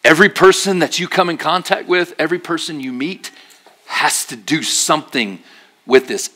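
A man preaching a sermon at church, telling stories with jokes and acted-out voices, then dropping to a quiet, earnest tone for serious points. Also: on the high side, moderate pace. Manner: animated, jokey storytelling with acted-out voices. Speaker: pastor.

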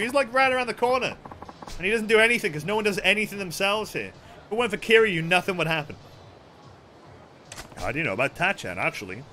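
Young brit streamer swearing n joking thru a game, very animated, bright voice. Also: male voice, high-pitched, a little fast, pauses often, soft background music. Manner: sweary, playful, reads game text aloud. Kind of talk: let's play commentary.

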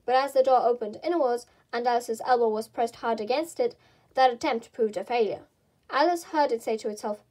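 A woman reading a children's classic aloud in gentle, even narration. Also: a little high. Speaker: storybook reader.

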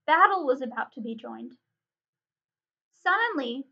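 A woman librarian reading a chapter book aloud in an expressive, dramatic way. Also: high-pitched. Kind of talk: storybook read-aloud. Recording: dull lo-fi recording.

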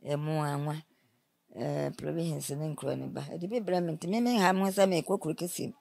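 A woman in her nineties from Ghana, telling her life story in an interview and giving advice with lively quoted speech. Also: low voice, fairly quick, creaky, no echo. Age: 90s. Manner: animated, advising, acts out quoted speech.

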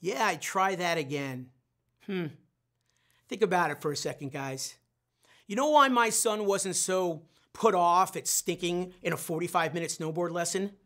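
A man's voice: high voice, moderate pace, bright, forceful tone. A middle-aged man, a sales trainer, telling a self-mocking story in a live online training session and putting questions straight to his audience.

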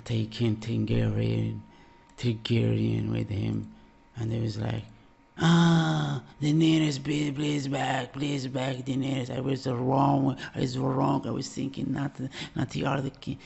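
A man talks in a slow, halting way, stumbling over his words and restarting often. His voice is heavily gravelly and husky. The recording is dull and lo-fi. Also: mid-range voice, a little mellow. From Algeria. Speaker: reaction video host. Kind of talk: casual reaction vlog.

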